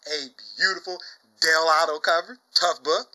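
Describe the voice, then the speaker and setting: A young man chatting casually about his comic book finds, exuberant, saying "y'all" often and bursting into loud shouts and laughs. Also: fairly high pitch, steady tone, normal speed, low-quality recording. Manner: exuberant, says "y'all" a lot. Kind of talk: casual chat.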